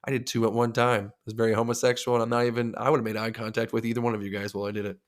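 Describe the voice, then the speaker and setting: A man's voice: mid-range voice, flat delivery, very fast. A man co-hosting a podcast, telling crude, joking stories in loose casual chat. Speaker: podcast co-host.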